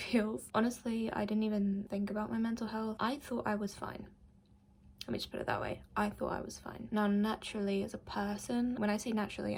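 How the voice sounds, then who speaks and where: A young British woman chatting candidly to camera at home, often dropping into soft whispered asides. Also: medium pitch, vocal fry. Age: young adult. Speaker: vlogger. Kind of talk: casual chat to camera. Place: at home near a road. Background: faint traffic noise.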